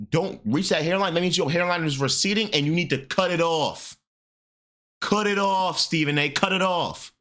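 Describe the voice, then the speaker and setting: A young man in his twenties reacts to a clip for his stream, trash-talking and mocking as he goes. His voice is bright and forceful, and it is a bit higher than most men's. His pitch swings widely, jumping into falsetto jabs and dropping back down. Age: 20s. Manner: loud, mocking, with jumps into high falsetto bits. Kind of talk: reaction commentary.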